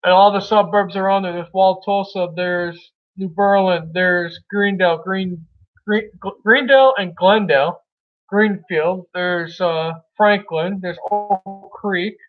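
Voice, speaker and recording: A man's voice: high-pitched, steady tone, a little slow, soft background music. A man from Milwaukee, Wisconsin, hosting a casual livestream chat, rambling loosely and calling viewers brother. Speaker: livestream host chatting with viewers. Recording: tinny phone-like audio.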